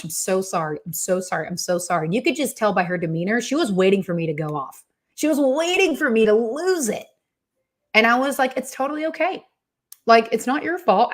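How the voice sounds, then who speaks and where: Expressive woman giving a motivational talk. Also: mid-range voice. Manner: expressive, conversational storytelling with quoted asides. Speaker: motivational speaker. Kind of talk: motivational talk with personal story.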